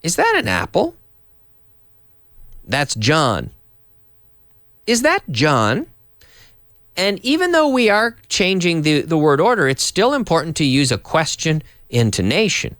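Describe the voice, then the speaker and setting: Middle-aged male English teacher from Canada, slightly high voice, very animated delivery, dry booth sound. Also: a little slow, pauses often, dry recording. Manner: animated, acts out example sentences with big question intonation. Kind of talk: English lesson for Spanish speakers.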